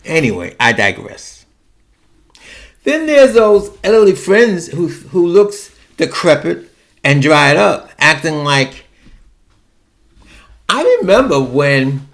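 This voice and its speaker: A man's voice: fairly high pitch, very animated, slow pace, long pauses, a bit bright. A man hosting a solo podcast and talking in a chatty, wry, digressive way. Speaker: podcast host. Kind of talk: monologue about personal fears.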